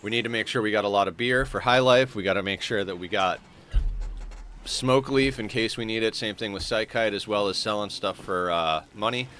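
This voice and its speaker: A man's voice: fairly low pitch, brisk, bright, forceful tone. A man casually commenting on his game as he plays, stuffed up with a morning voice and rambling with fillers as he thinks aloud. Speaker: streamer playing a colony sim.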